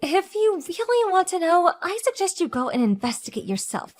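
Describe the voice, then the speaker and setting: A woman voicing a sharp-tongued divorced woman who mocks her ex-husband with cutting sarcasm. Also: very high-pitched, very animated, moderate pace, soft background music. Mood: mocking. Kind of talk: audio drama acting.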